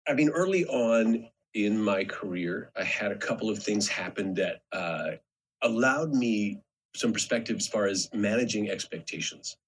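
A man who is an actor, a guest on a podcast, giving measured advice in casual talk. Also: on the low side, expressive, a little hiss or hum, low-quality recording. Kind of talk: casual chat.

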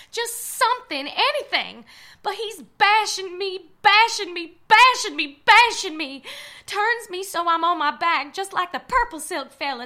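A woman's voice: extremely high pitch, sharp tone, exaggerated voice. A drunk, frightened young woman. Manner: frantic, halting, stammering. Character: drunk frightened young woman narrating her own ordeal. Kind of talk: first-person audio drama narration.

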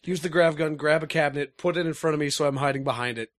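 Hoarse man co-host, joking gaming chat, dry sound. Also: fairly high pitch, fast, fairly bright tone, dry recording. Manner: joking, playful. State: hoarse from being sick. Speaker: podcast co-host. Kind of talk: casual gaming podcast chat.

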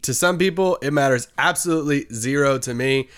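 A man's voice: medium pitch, brisk, a bit bright, smooth. Joking, sarcastic male podcast co-host. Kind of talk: casual sports podcast chat.

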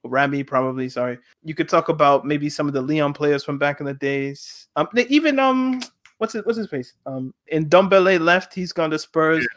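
A man talking football with a friend in a relaxed, casual debate. He is animated and keeps building his point through rhetorical questions. His voice sits a little higher than most men's. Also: moderate pace. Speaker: podcast co-host.

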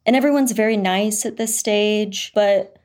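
Female author guest, mid-pitched voice, thoughtful interview answers. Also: unhurried, darkish tone.

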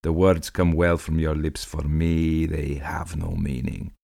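A man's voice: extremely low pitch, little pitch movement, measured pace, gravelly, dark tone, no room sound, clean studio sound, exaggerated voice. A man voicing a frenzied, exultant ancient priest with a wild, shrieking manner in a storybook reading. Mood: manic.

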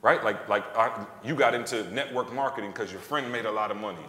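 A man in his thirties tells a story to a live audience, jumping into the quoted voices as he goes. His voice sits low. The hall around him rings with a long, roomy echo. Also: brisk. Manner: animated storyteller, acts out quotes. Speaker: author and podcast co-host. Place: stage before a live audience.

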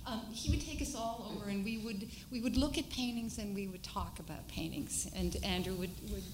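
A woman painter on a panel, telling a personal story in an animated, halting way full of restarts. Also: mid-range voice, noisy background. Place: panel discussion at an art school.

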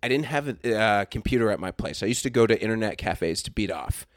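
A man's voice: on the low side, lively intonation, a little fast, no room sound. A man, a comedian guest on a podcast, telling crude, profanity-laced stories in a loose, rambling way. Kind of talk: casual podcast chat.

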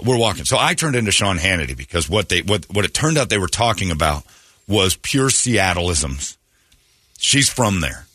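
A male talk radio host tells a long story in a sarcastic, mocking, rambling style. His voice sits a little low but has a bright, forceful edge. It is recorded dry and close on a studio microphone. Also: no echo.

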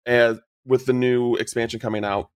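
A man's voice: mid-range voice, level tone, normal speed, clear, resonant tone, dry recording, studio quality. A young man co-hosting a gaming podcast, easygoing and filling his talk with "like". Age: young adult. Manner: easygoing, heavy use of "like". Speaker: podcast co-host. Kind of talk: casual gaming podcast chat.

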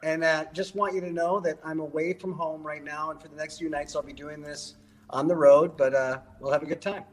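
A man's voice: fairly high pitch, steady tone, brisk. A man joining a comedy show as a remote guest, casually and stubbornly arguing his point.

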